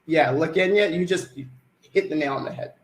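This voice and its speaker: A man's voice: on the high side, moderate pace, echoey room, rough recording. A man giving a webinar sales presentation, putting questions to the attendees and then answering them himself.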